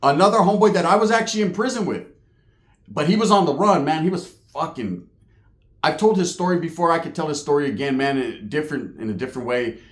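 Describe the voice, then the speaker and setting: A man hosting his own channel tells a story in a loose, profane, streetwise way. His voice sits a bit higher than most men's. The room around him is echoey. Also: fast talker. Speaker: channel host telling a story. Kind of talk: casual storytelling monologue.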